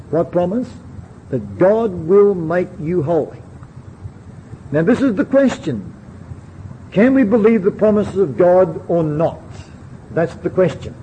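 A man with a high-sitting, dark-toned voice preaches a sermon, earnestly directing questions straight at his listeners. The recording is dull and lo-fi, with a faint hiss.

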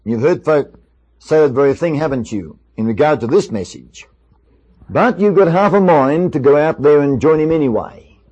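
A man's voice: fairly high pitch, expressive, moderate pace, darkish tone, husky, dull audio. A male preacher giving a sermon, asking his listeners one rhetorical question after another. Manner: many rhetorical questions to the audience.

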